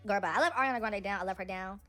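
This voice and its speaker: A young woman giving casual, animated celebrity gossip commentary, talking straight to her viewers. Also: medium pitch, very fast, soft background music.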